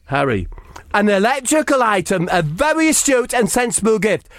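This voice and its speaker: A man puts on a prim, preachy football boss. He lectures in a high, lively, fussy tone. The sound is dry and close. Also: normal speed, no room sound. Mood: lecturing. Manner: pompous, lecturing.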